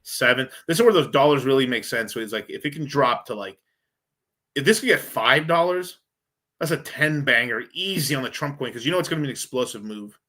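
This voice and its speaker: A man's voice: mid-range voice, animated, brisk, sharp tone. A man hosting a crypto livestream, chatting casually and profanely as he rambles through charts. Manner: profane, rambling, thinking aloud. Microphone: streaming setup mic.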